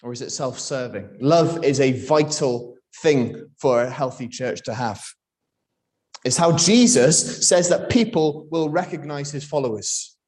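A man's voice: mid-range voice, a little slow, darkish tone. A man preaching a sermon in a conversational way, asking the congregation rhetorical questions. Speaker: pastor.

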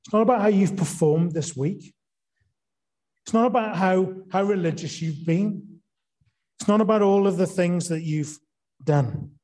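Earnest male preacher with a mellow voice. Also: sits high, a little slow, long pauses. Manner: earnest, asks rhetorical questions, stresses key words. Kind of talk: evening sermon.

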